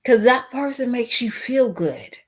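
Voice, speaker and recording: A woman's voice: fairly high pitch, very animated, a little slow, breathy edge. A woman vlogger talking straight to her viewers in a casual, outspoken, emotional way, sometimes tearful with a cracking voice. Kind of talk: casual commentary vlog.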